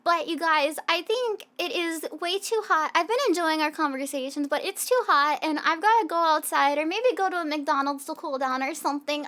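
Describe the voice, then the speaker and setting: Her voice is extremely high and sharp-toned as the young VTuber, an American woman with a Southern accent, chats casually and giggles her way through the end of a stream. She talks from a hot room at home, faint music behind her.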